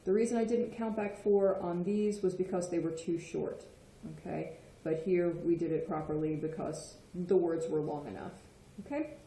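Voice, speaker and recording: Teacher type: woman, low-ish mellow voice, patient explainer, roomy echo. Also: moderate pace, few pauses. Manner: patient, checks in with frequent "okay?". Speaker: Spanish teacher. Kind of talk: explanatory lesson. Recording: echoey room.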